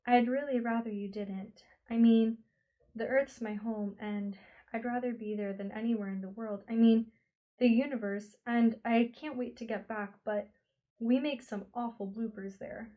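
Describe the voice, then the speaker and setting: Brief: an honest, eager freckled teen boy read by a woman, higher voice, storybook audiobook. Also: steady tone, normal speed, narrow, tinny audio, lightly acted. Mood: earnest. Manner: frank, earnest, eager.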